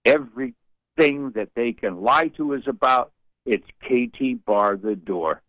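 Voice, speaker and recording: A man's voice: medium pitch, sing-song, measured pace, gravelly, a bit bright, dry recording. An older man calling in to a talk radio show, rambling along in a folksy way with colorful sayings. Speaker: radio caller. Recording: muffled phone line.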